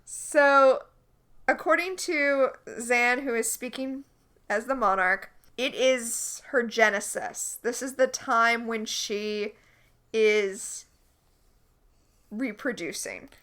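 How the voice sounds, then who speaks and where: Woman co-host, bright higher voice, lively casual recap chat. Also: slow pace. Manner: animated, recaps scenes and quotes characters. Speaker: podcast co-host.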